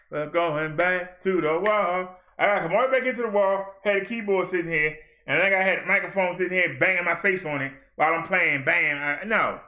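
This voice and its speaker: A middle-aged man hosting a wrestling review show, ranting in a blunt, animated, trash-talking way. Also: high-pitched.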